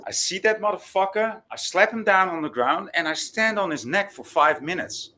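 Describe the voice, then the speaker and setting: A man's voice: sits high, animated, normal speed, bright, forceful tone. A man co-hosting a livestream in casual chat, joking with blunt, profane humor. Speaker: livestream co-host.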